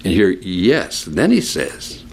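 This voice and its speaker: A man's voice: takes it slowly, slight background noise. A male pastor preaching an expository sermon in a conversational way, explaining scripture with friendly asides. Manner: animated, sweeping pitch for emphasis.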